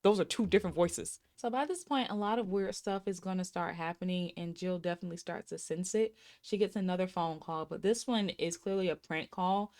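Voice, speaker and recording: A woman's voice: on the low side, a little fast, hardly any pauses, darkish tone. A woman in her thirties recapping and reviewing a film in a casual, sassy way, talking straight to her viewers. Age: 30s. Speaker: movie reviewer.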